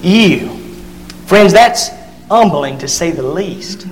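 A man with a notably high voice delivers a sermon, stretching out words he wants to stress. His voice rings with a long hall reverb, as in a church sanctuary. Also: animated. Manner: emphatic, drawn-out stresses on key words. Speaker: pastor. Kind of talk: sermon with scripture reading.

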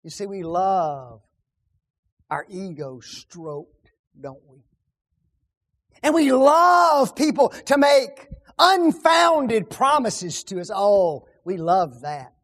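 A man preaching on a psalm, firing rhetorical questions and repeating key words, often dropping his voice to a hush. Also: high-pitched, animated, extremely slow. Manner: rhetorical questions, dramatic drops to hushed tones. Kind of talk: sermon on a psalm.

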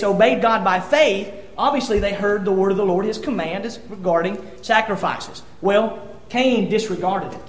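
A man preaching a sermon, earnest and conversational, often restarting his sentences as he reads scripture. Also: high voice. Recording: echoey room.

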